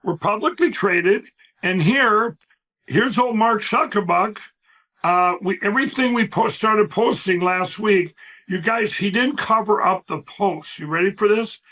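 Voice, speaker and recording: A man's voice: sits high, a little slow, sharp tone, a little hiss or hum. A man, a guest on a talk show, telling stories in a rambling, emphatic way and acting out what others said. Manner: rambling, emphatic, acts out quoted voices. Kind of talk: animated interview storytelling.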